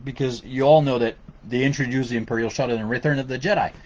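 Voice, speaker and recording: A man's voice: medium pitch, fairly even intonation, quick pace, darkish tone, dull audio. Bilingual man with a Québécois accent. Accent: Québécois French. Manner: switches between English and French, many fillers and restarts. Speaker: podcast host. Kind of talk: casual bilingual podcast chat.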